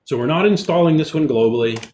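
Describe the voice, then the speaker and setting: A man, a college instructor, giving a relaxed online programming lecture, explaining as he goes with fillers, with keyboard typing in the background. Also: a little high, fast. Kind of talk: recorded online lecture with screen demo.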